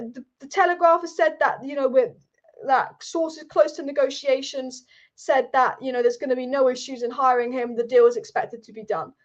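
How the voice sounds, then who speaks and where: Excitable high-voiced woman streaming. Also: dull audio. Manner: excitable, rambling, repeats herself. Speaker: fan livestream host. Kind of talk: live fan commentary chat. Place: sitting at home.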